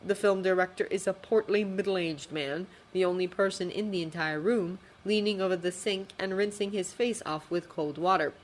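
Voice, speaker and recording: Low-voiced woman reading a story. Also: a little hiss or hum. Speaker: fanfiction reader. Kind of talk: reading fanfiction aloud.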